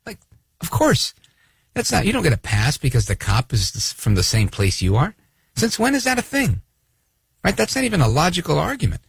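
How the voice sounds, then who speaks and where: A man hosting a talk radio show, giving sarcastic, animated commentary. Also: a little high, fairly quick, creaky, breathy edge, dry recording. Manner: sarcastic, animated, acts out voices of others.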